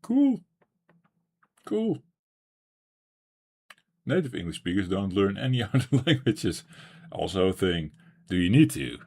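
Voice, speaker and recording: A man's voice: low voice, animated, normal speed, darkish tone, husky. A man streaming a retro game, thinking aloud and rambling with frequent restarts. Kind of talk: live-stream gameplay chat.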